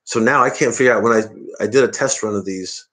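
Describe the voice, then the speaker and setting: A man's voice: on the low side, quick pace, a bit bright. A man from the American Midwest, rambling and digressing through a casual live-stream monologue. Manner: rambling, digressive, self-interrupting. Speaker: comedian hosting a live stream.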